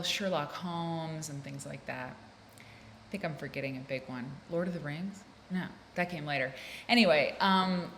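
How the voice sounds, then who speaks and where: Here a woman from the United States chats alone on her podcast, her voice sitting low with a bit of brightness as she rambles and interrupts herself. She's recording in an office room, where there's roomy echo, faint ambience and a little hiss or hum.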